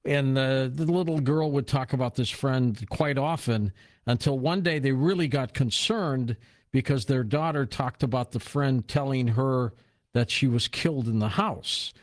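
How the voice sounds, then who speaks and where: A male radio host speaks conversationally at a middling pitch. He tells stories and takes calls in an easygoing manner. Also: measured pace. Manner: storytelling, conversational. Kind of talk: call-in radio show.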